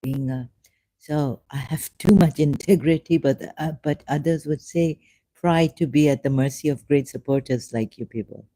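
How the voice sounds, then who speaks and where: A vlogger speaking in a rambling, self-mocking monologue, sarcastic and halting, with many fillers and frequent laughs. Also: mid-range voice, dark tone, no echo.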